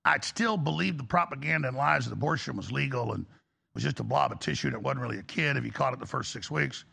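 A man's voice: mid-range voice, fast talker, gravelly, sharp tone, slightly rough. A middle-aged man hosting a talk show, delivering a rambling, impassioned confessional monologue that rises into preaching.

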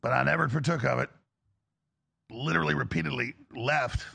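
Gravelly, impassioned talk show host. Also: male voice, medium pitch, fairly quick, bright, forceful tone. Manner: rambling, impassioned, rising to preaching. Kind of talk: confessional monologue.

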